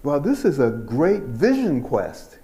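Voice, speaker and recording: A man's voice: mid-range voice, huge pitch swings, slow, mellow, soft background music. A man voicing a generous male friend who eagerly offers to hold a celebration in his honor.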